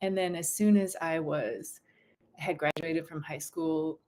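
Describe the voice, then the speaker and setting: A middle-aged American woman in casual conversation as a guest author, chatty and quick to laugh, often breaking off and restarting. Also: sits low, fairly even intonation, darkish tone. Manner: chatty, laughing, self-interrupting.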